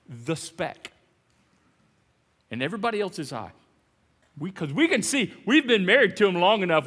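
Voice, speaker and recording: A man preaching a sermon as pastor, animated and jokey, with sudden loud emphasis. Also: fairly high pitch, long reverb tail. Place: large church hall.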